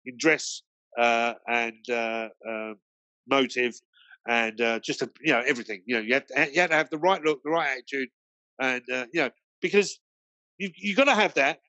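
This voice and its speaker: A man's voice: mid-range voice, normal speed, pushed and bright, dry recording, lo-fi sound. A man from Britain, a guest DJ, telling anecdotes in a rambling way full of fillers and restarts. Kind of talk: anecdotal storytelling in a conversation.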